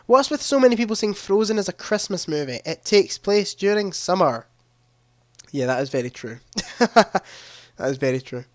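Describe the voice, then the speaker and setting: A man's voice: high-pitched, animated, moderate pace, dry recording, studio quality. A young man hosting a live-streamed quiz, chatting casually into a headset mic and reading questions aloud with a ready laugh. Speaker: livestream quiz host.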